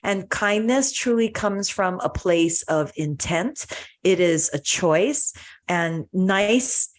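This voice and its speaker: A woman who is both a doctor and a podcast co-host tells a story in casual podcast chat. Her voice is fairly low, animated and slow, and her earnest, chatty delivery is full of fillers and restarts.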